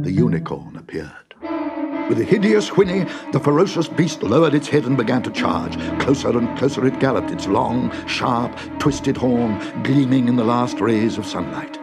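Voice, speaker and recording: A man reading a fairy tale aloud in an expressive, dramatic way. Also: mid-range voice, moderate pace. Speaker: narrator. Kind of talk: storybook reading. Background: music.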